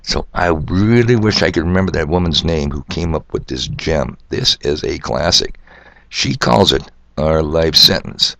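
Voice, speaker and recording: A man's voice: extremely low pitch, unhurried, gravelly, fairly bright tone, no echo. An older man hosting a solo podcast monologue, rambling and sardonic, asking rhetorical questions and spelling words out letter by letter. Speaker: podcast host.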